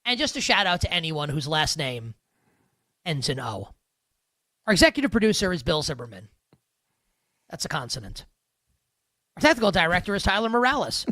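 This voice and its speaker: A man hosts a live sports betting show in a loose, joking way, often restarting his sentences. His voice is bright and bouncy and swings widely in pitch. The sound is dry and close, with no room echo. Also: sing-song, normal speed, pauses often. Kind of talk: casual live show chat.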